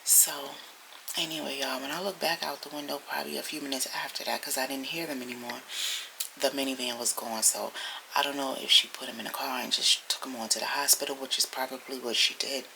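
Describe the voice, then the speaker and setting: A woman vlogging from home, telling a story in a chatty, animated way that sometimes drops to a whisper. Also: extremely low pitch, fairly quick, gravelly, noisy background. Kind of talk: casual storytelling chat. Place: at home indoors.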